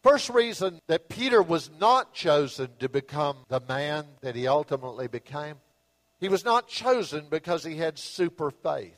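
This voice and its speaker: Male pastor, high voice, animated storyteller preaching from the pulpit; reverberant hall sound. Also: moderate pace. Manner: storytelling, acts out Bible scenes with rising and falling intensity. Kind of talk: sermon.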